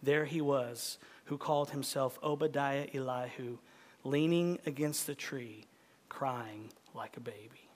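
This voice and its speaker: A man preaching a sermon, reading a story aloud with dramatic swings from loud lines to hushed ones. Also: medium pitch, a little slow. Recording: long hall reverb.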